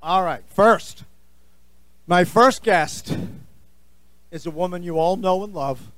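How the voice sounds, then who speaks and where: A middle-aged man with a New Jersey accent, hosting a podcast in an animated, jokey, opinionated way on stage. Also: sits high, slow, dry recording. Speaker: podcast host. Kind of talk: live stage address to fans.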